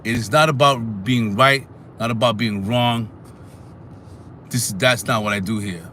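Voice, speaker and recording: A man hosting a casual live stream, animated and talking back to his chat. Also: medium pitch, measured pace, a little hiss or hum. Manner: animated, talks back to chat, sings snatches.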